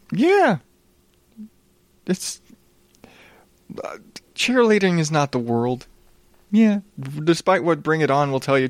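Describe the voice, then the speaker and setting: Slow, sarcastic sniffly man ranting. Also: medium pitch, no echo. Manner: sarcastic, swears a lot, frequent restarts. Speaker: show host. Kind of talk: profane comedic news rant.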